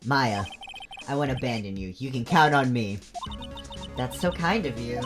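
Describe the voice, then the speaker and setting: A woman's voice: rumbling low, animated, normal speed. A woman streamer casually reading all the game's dialogue aloud in her own voice, joking between lines. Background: game music.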